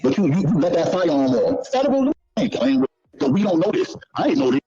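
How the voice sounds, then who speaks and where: A man's voice: high-pitched, big pitch swings, quick pace, mellow, husky. A man telling stories in a casual, swearing, repetitive street-talk manner. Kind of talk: casual storytelling. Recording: dull lo-fi clip audio.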